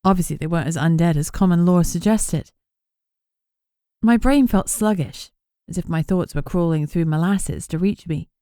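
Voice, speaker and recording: Woman reading an audiobook, lowish voice, measured, super dry close sound. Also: darkish tone, clean tone, no room sound. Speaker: audiobook narrator. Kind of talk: scripted narration.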